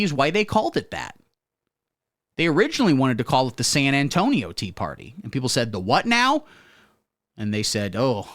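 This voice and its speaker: A man hosting a profane satirical comedy monologue with deadpan absurd jokes. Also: medium pitch, no echo, studio quality. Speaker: comedy host.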